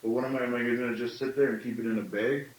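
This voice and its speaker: A man's voice: medium pitch, fairly even intonation, rapid-fire, reverberant, distant mic, poor audio. A man in his late thirties giving a thoughtful storytelling talk, often asking himself questions aloud. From Canada. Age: late 30s. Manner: thoughtful, with self-questioning asides. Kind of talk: reflective teaching talk.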